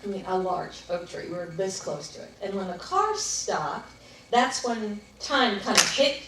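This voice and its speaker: A woman speaker telling a personal story to an audience, reflective and at times animated. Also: medium pitch, moderate pace, a little hiss or hum. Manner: reflective, animated in parts, laughs while telling. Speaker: workshop speaker. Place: large room with a live audience. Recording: echoey room, picked up from a distance.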